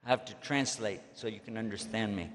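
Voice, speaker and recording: Folksy Texan preacher in a big hall. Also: male voice, lowish voice, fairly quick, a bit bright. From Texas. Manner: folksy, joking, drawling asides. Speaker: Islamic preacher. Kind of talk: storytelling lecture to an audience. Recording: long echo of a large hall.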